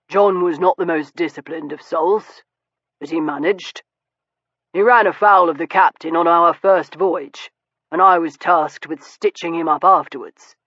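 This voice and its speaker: Guy doing dry brooding victorian naturalist, audiobook, kinda high voice, muffled close recording. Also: a bit bright, no room sound. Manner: dry, laconic, turning wistful. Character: wry, brooding Victorian naturalist man, young adult. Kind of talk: audiobook character dialogue. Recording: dull, muffled studio recording.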